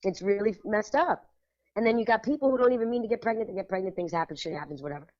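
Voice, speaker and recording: A woman's voice: mid-range voice, rapid-fire, dry recording. Emphatic lo-fi woman chatting on radio. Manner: lively and emphatic, laughs often, switches into Spanish phrases. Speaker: art show curator and radio co-host. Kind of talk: casual radio chat.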